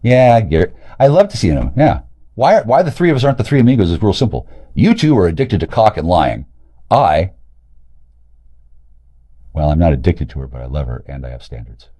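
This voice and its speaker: A man in a rambling, profane monologue, agitated and jumping between loud outbursts and low mutters. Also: very animated. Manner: profane, agitated, rapid loud and quiet swings. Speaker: streamer talking to camera.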